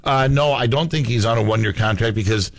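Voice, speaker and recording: A man co-hosting a sports radio show in casual, chatty talk, reading out listener messages. His voice sits at a middle pitch. The studio sound is dry and close. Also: brisk, dry recording.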